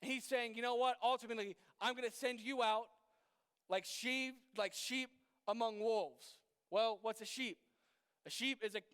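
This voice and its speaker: Young man, youth pastor, very high voice, smooth tone, casual sermon, echoing hall. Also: fairly bright tone. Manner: casual, conversational preaching with many fillers and rhetorical questions. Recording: long hall reverb.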